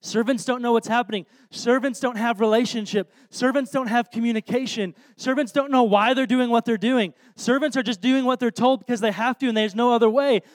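A man preaching in a casual, earnest way, often trailing off into soft, quiet phrases. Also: very high-pitched, fairly even intonation, fairly quick, hardly any pauses, no echo. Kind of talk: conversational sermon.

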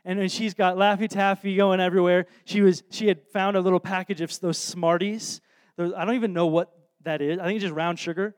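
High-voiced man telling a lively story. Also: a little fast. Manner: animated, self-deprecating storyteller with frequent restarts. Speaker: preacher. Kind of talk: anecdotal sermon storytelling.

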